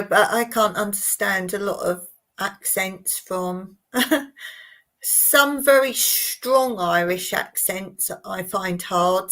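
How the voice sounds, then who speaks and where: A woman with a southern English accent talks at a slow, unhurried pace, hosting a casual live stream. Her voice sits at an ordinary middle pitch. She chats easily to her viewers, repeating words and breaking into laughs. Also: fairly bright tone. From Surrey, England. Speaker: livestream host.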